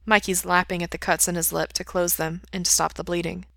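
A woman reading a story aloud in a calm, even way. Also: on the low side, brisk, vocal fry, no room sound. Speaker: reader. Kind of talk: storybook narration.

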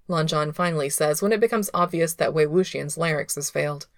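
A woman reading a story aloud in a steady, unhurried way, close to the microphone. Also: deep voice, no room sound. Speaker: reader of fan fiction. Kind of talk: audiobook narration.

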